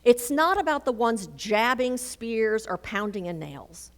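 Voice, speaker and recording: A woman's voice: on the high side, unhurried. A woman minister giving a sermon, telling a personal story and acting out the dialogue in it. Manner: storytelling, animated, acts out dialogue. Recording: reverberant hall.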